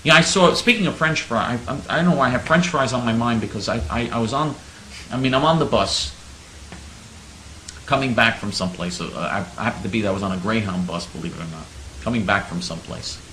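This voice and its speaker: A man's voice: medium pitch, brisk, pushed and bright, roomy sound, slight background noise, low-quality recording. A man hosting a talk radio show, telling stories in a mock-naive, sarcastic way. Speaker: radio host.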